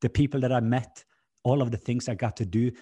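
A man's voice: mid-range voice, fairly even intonation, fairly quick, warm tone, slightly rough. A middle-aged man, a podcast guest, earnestly telling personal faith stories in conversation.

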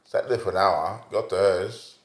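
A man's voice: low-pitched, moderate pace. A young man co-hosting a podcast, telling stories in laid-back, slang-heavy, sweary chat. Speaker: podcast co-host. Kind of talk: casual chat. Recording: roomy echo.

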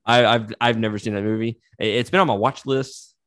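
A man's voice: medium pitch, brisk, no echo, studio quality. A man co-hosting a casual movie review podcast, swearing freely and laughing often. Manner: profane, animated, laughs often. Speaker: podcast co-host.

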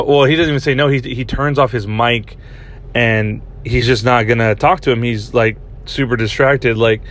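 A man's voice: fairly low pitch, slight background noise. Rambling, profane young man. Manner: rambling and profane, many restarts. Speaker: podcast host. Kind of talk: casual storytelling. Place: parked vehicle.

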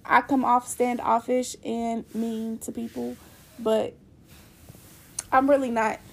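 A woman's voice: fairly high pitch, little pitch movement, slow pace, gravelly. A young woman telling a personal story in a candid, rambling way, full of fillers.

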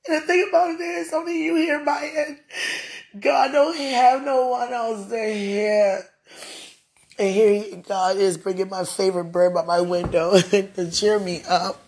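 In a steady, mid-range voice, a woman tearfully delivers a heartfelt prayer and personal message. Her words come haltingly, broken by soft laughs and sighs.

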